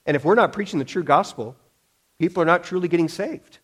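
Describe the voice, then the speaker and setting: Emphatic high-voiced male preacher. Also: fast. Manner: emphatic, with frequent restarts and acted-out quotes. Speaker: pastor. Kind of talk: sermon.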